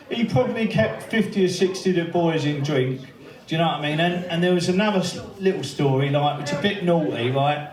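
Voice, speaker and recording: Guy telling pub stories to a crowd, laughing and swearing, bit high voice, echoey room, mic far off. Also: darkish tone. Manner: swearing, laughing storyteller who acts out the quoted voices. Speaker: speaker at a memorial birthday event. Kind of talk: anecdotal speech to a crowd. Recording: echoey room, heard from a distance.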